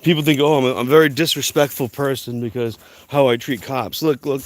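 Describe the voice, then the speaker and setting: A man's voice: mid-range voice, fairly even intonation, brisk. A young man talking to his phone camera while walking outdoors, rambling with lots of fillers and restarts. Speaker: vlogger. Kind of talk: walk-and-talk vlog.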